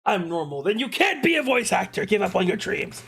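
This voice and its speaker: A man's voice: high voice, brisk, vocal fry, slightly rough. A young man streaming live, joking around and chatting with his viewers as he reacts to a video. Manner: joking, animated, talks to chat.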